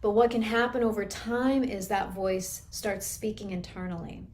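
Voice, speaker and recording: A woman's voice: mid-range voice, fairly even intonation, moderate pace, darkish tone, a little hiss or hum. A woman trauma recovery coach teaching a live class, explaining in an earnest, patient way.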